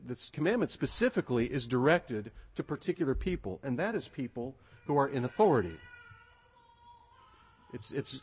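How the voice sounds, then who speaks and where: A male pastor delivering a sermon with a slightly husky voice. His pitch rises and falls a lot as he exhorts, and he repeats key phrases to drive them home.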